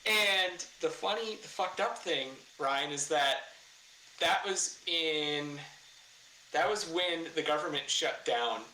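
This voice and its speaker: A man with a bright, forceful voice and a somewhat high pitch, telling a story as a podcast guest. He is animated, acts out quotes loudly and swears along the way. The room is echoey, with a faint ambient hiss behind him. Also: takes it slowly. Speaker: guest, car builder and former racer. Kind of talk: casual storytelling in a podcast interview.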